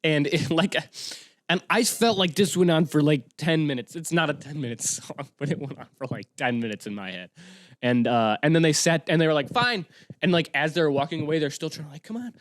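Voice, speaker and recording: A young man hosting a casual solo podcast, rambling and excitable, breaking into sudden bursts of yelling. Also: fairly high pitch, a little fast, no echo. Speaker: podcast host.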